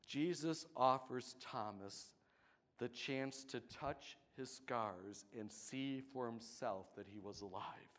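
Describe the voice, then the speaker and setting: A man's voice: mid-range voice, slow, a bit bright. A man preaching a sermon, building to emphatic passages and having the congregation repeat scripture with him. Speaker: pastor.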